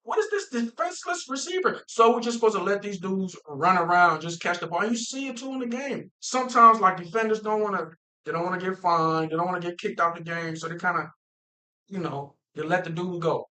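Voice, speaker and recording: Bright-voiced, animated man chatting football. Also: sits high, fairly quick, poor audio. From Minnesota, US. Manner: animated, laughs often, slangy and playful. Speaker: football talk show host. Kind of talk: casual livestream chat.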